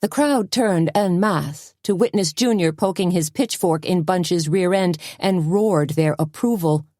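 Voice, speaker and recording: A woman's voice: fairly low pitch, measured pace, a little mellow, no echo, clean studio sound. Woman narrating a cozy mystery. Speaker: audiobook narrator. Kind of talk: scripted narration.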